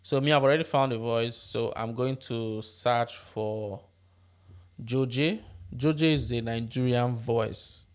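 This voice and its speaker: A man hosting a tutorial, explaining software steps one by one and checking in with tag questions. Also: medium pitch, slow, smooth. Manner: step-by-step instructive, tag questions. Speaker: tutorial host. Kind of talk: screen-recorded software tutorial.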